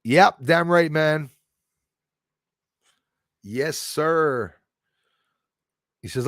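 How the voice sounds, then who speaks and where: A man's voice: on the high side, extremely slow, pauses often, a bit bright, no room sound, clean studio sound. A man hosting a livestream, chatting casually and jokily while answering viewer comments, with frequent chuckles. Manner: rambling, jokey, chuckles often.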